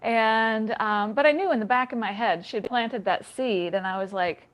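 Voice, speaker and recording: A middle-aged woman, a tai chi instructor, telling her story as a guest in a relaxed, reflective way with light laughs, calling in from a home basement. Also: fairly high pitch, normal speed. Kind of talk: remote interview, personal story.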